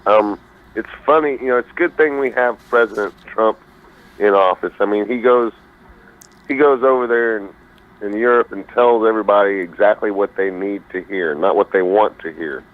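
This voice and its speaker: A man calling in to a radio talk show, rambling in a folksy way and pausing to search for his words. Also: on the low side. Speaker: caller. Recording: phone-line call.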